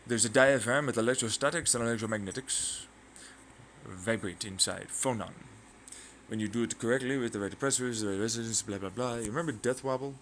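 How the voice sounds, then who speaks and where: A man hosting his own channel, talking through a rambling, excitable science monologue full of tangents, sound effects and swearing. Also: mid-range voice, fairly quick, a little hiss or hum. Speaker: channel host.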